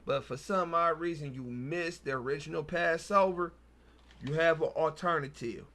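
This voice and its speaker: A man's voice: fairly high pitch, moderate pace, bright, forceful tone. A man, hosting a casual Bible study, reading verses aloud and then riffing on them in loose, slangy talk. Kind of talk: casual scripture reading and commentary.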